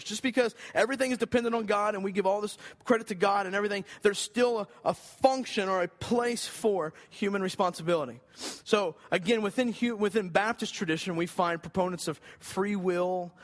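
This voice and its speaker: A man preaching a sermon in an earnest, conversational way, rising for emphasis. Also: high-pitched. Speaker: pastor.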